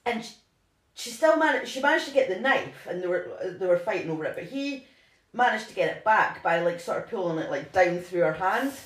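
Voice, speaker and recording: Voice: mid-range voice, big pitch swings, brisk, fairly bright tone. A co-host casually retelling a true-crime story, rambling with lots of "like" and restarts. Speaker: podcast co-host. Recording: roomy echo.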